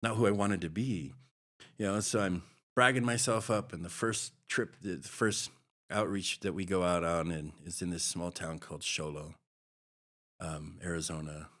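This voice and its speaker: Deep-voiced middle-aged man from Hawaii, earnest and rambling, recounting his past as a podcast guest. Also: steady tone, moderate pace, fairly bright tone. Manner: earnest, rambling, heavy with fillers. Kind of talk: personal storytelling interview.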